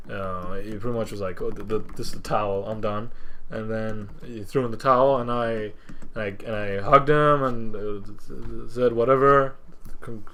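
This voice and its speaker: A man of average pitch, speaking as a guest on a podcast. He tells his story in a loose, casual way, stumbling over and repeating words as he goes. He keeps slipping into the voices of the people in his story. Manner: halting, with many restarts and repeated words; animated, acts out what others said.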